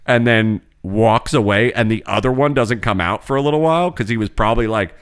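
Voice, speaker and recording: A man co-hosting a podcast, telling a long, profane, animated story in casual chat. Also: fairly low pitch, brisk, clear, resonant tone. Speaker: podcast co-host.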